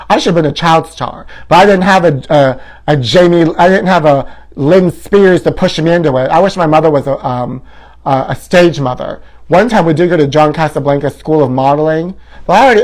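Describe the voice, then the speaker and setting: A man's voice: on the high side, a little fast. A man hosting a comedy show, delivering a campy, sassy and theatrical tabloid gossip monologue.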